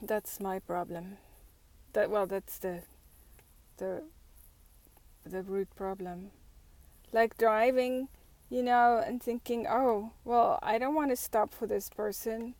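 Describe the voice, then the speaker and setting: A woman's voice: mid-range voice, steady tone, slow pace, long pauses, a little mellow, dry recording. A woman vlogger talking through her thoughts in a reflective, casual way, with lots of fillers and restarts.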